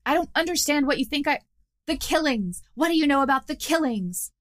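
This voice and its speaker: A woman's voice: high voice, animated, brisk, a bit bright, voice pushed up. Woman voicing a flustered lizard-man captive. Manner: flustered, pleading. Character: frightened male lizard-folk captive.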